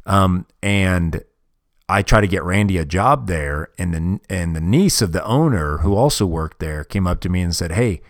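Deep-voiced blunt, profane man. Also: lively intonation, moderate pace, dry recording, clean studio sound. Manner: blunt, profane, rambling with restarts. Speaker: podcast host. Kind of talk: casual podcast monologue. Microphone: podcast microphone.

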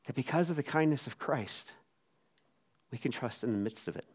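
A man's voice: medium pitch, normal speed, slightly rough. Conversational man preaching a sermon. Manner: conversational, animated, acts out quotes. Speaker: pastor.

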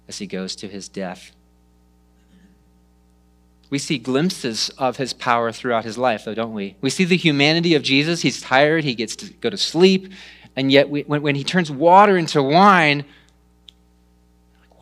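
A man preaching a sermon, retelling stories with lively rises and hushed drops. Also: medium pitch, a little slow, pauses often. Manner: animated storytelling, dropping to hushed tones. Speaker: pastor.

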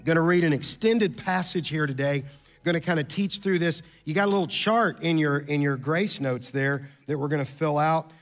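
A male pastor delivering a sermon in a notably high voice. His delivery is conversational and animated, as he works stories and asides into his teaching. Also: normal speed, soft background music.

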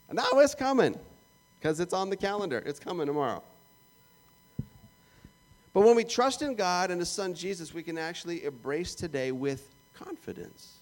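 A man with a Canadian accent delivers a sermon in a chatty, humorous way. His voice sits a little high for a man, and he breaks into small acted-out prayers and quips between points. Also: lively intonation, moderate pace, a little mellow. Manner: conversational and jokey, acting out little prayers and asides. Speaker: pastor.

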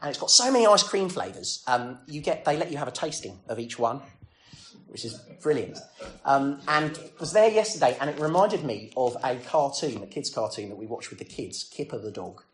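A man's voice: medium pitch, very animated, brisk. A man preaching a sermon in a conversational way, full of rhetorical questions and self-deprecating asides.

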